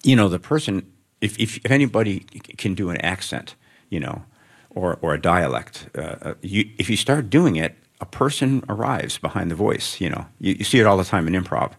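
Interviewed onstage before students, a middle-aged man who writes books talks in a rambling, thoughtful manner, often poking fun at himself. His low voice is expressive and creaky, moving at a moderate pace.

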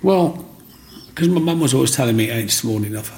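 A man's voice: medium pitch, a little fast, a little hiss or hum. A man telling his life story in an interview, acting out the voices of people he met. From England. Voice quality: gravelly. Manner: animated storyteller who acts out other people's lines.

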